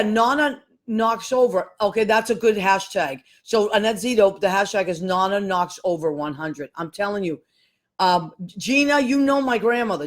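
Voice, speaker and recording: A woman hosting a live show solo, chatting casually and greeting listeners one by one by name. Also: mid-range voice. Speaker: host.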